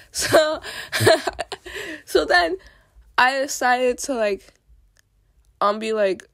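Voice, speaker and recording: A woman's voice: high voice, animated, drawn-out words, long pauses, a bit bright, no room sound. A young woman in her teens ranting angrily to camera, swearing a lot and saying "like" often. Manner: ranting, heavy swearing, lots of "like". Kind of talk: angry rant vlog.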